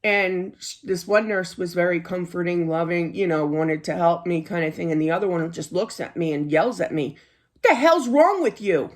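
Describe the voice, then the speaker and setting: A woman's voice: lowish voice, fairly even intonation, moderate pace, hardly any pauses. A middle-aged woman giving a casual tarot reading in a chatty, earnest way, laughing easily and often saying "you know.". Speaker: tarot card reader.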